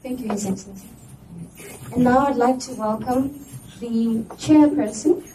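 A woman's voice: fairly high pitch, unhurried, warm tone. A woman serving as master of ceremonies introduces speakers, adding light, joking asides. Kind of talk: event introductions. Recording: echoey, distant, noisy room.

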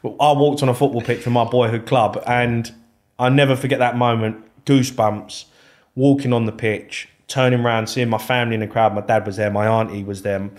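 This former footballer, speaking in a mid-range voice at a fairly quick clip, tells animated stories in a casual interview. He swears freely and acts out old conversations.

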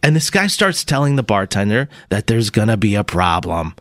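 A man hosting a morning radio show in a studio, telling a story in a casual, animated way with laughs and restarts. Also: on the low side, moderate pace, no echo, faint music behind. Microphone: studio microphone.

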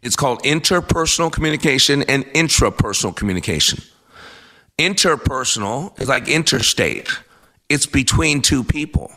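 A man's voice: mid-range voice, expressive, normal speed, pushed and bright. A man in his fifties hosting a faith-based motivational radio talk, speaking with earnest, preacherly emphasis. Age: 50s. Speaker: radio host.

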